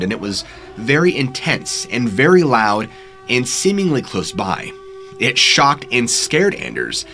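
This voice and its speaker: Lively, bright-voiced man telling spooky stories. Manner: conversational storyteller, rising in pitch and volume at tense moments. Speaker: narrator and channel host. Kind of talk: retelling scary stories from the woods.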